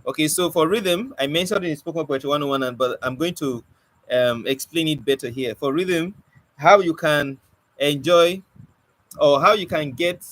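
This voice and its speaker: A man's voice: fairly high pitch, moderate pace, a bit bright, poor audio. A man, giving an informal spoken lesson on poetry and often stopping to search for words. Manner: conversational, restarts and searches for words. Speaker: poetry teacher. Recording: faint background noise.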